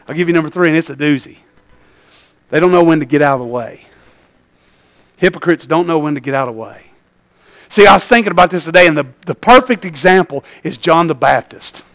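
A middle-aged man preaching a sermon, telling lively stories and calling out "Amen?" to the congregation. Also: a little high, gravelly, low-quality recording. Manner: animated storytelling, calls out "Amen?" to the congregation. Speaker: pastor.

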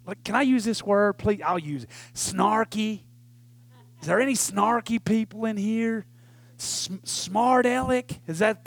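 Preacher guy, high voice, goes loud then hushed, dry close sound. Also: gravelly, no room sound. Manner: animated preaching, swings from loud to hushed, talks to congregation. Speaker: pastor. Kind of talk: sermon. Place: church.

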